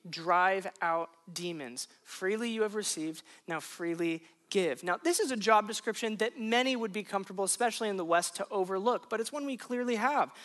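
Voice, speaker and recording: A man preaching a sermon to a congregation, conversational and animated, breaking into emphatic punchlines. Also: high voice. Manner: conversational, self-questioning asides. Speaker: pastor.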